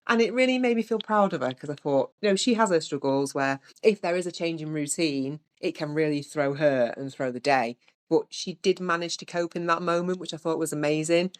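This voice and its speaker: A woman's voice: low voice, fairly quick. A woman, hosting a podcast and telling a story in a chatty way. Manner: chatty, with lively voiced-out quotes. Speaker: podcast host. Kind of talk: casual storytelling.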